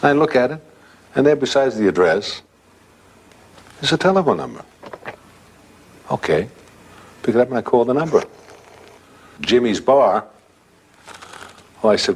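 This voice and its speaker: A man's voice: mid-range voice, big pitch swings, measured pace, long pauses, a little mellow, breathy edge. An older man telling a ghost story from his own life in a conversational way.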